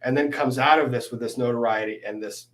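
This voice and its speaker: A man's voice: medium pitch, fast. Male host, casual livestream banter with a guest, chatty, talks to the chat. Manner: chatty, addresses the live chat directly. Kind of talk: casual chat over drinks.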